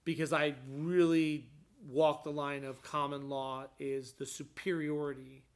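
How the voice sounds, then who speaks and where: A man's voice: fairly high pitch, level tone, unhurried, clean tone. A man talking casually in a conversation, explaining his views with frequent restarts and rising emphasis. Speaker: guest describing his court hearing.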